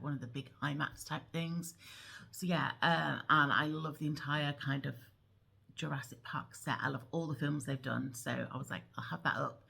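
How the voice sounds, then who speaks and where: A woman in her thirties chatting casually in a craft vlog, rambling and filling pauses with ums. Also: deep voice, gravelly, fairly bright tone, a little hiss or hum. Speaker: cross-stitch vlogger. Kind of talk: casual show-and-tell chat. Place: at home.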